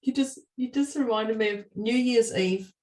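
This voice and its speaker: A woman co-hosting a casual podcast chat, a lively storyteller who laughs often and acts out the lines she quotes. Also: on the high side, moderate pace, echoey room, far from the mic. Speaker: podcast co-host.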